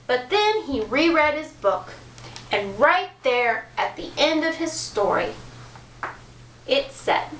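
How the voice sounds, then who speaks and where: A woman reading a children's story aloud with playful, expressive narration. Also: high-pitched, slow, a little hiss or hum. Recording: echoey room from far off.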